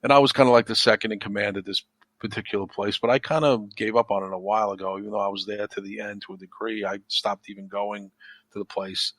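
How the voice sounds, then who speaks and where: Guy w a lowish voice just rambling casually on a podcast, dry close sound. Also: steady tone, quick pace, a bit bright, dry recording. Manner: rambling, repeats himself, frequent "you know". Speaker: podcast guest. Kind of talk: casual conversation.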